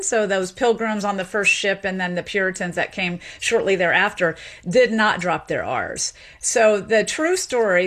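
A woman from Memphis with a Southern accent, a linguistics professor answering interview questions in long, animated explanations. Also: mid-range voice. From Memphis, Tennessee, USA. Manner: animated, explains at length with frequent "you know" and laughs.

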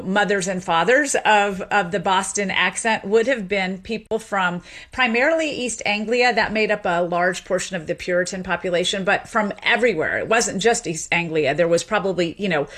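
Middle-aged woman from Memphis, academic guest on a radio interview, lively explainer, mid-range voice. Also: mid-range voice. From Memphis, Tennessee. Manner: animated, explanatory, with small restarts and laughs. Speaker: sociolinguist and professor, guest.

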